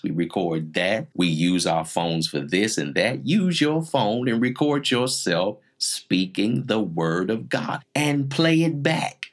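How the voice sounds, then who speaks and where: A man in his forties preaching a teaching sermon in numbered points, emphatic and repetitive. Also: deep voice. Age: 40s.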